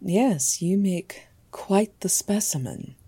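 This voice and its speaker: A woman's voice: mid-range voice, expressive, slow, dark tone, husky, full character voice. A woman voicing a gracious older actress who speaks in a genteel, formal way.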